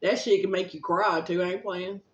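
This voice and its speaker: A woman vlogger giving a casual, rambling spiritual pep talk, gently encouraging and affectionate, with plenty of fillers and a little casual swearing. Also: lowish voice, steady tone, normal speed. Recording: roomy, slightly dull recording.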